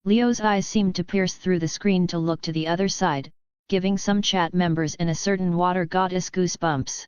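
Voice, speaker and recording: A woman narrating a web novel audiobook in a steady, even reading voice. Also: on the low side, moderate pace, clean tone, no room sound. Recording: dull lo-fi dry recording.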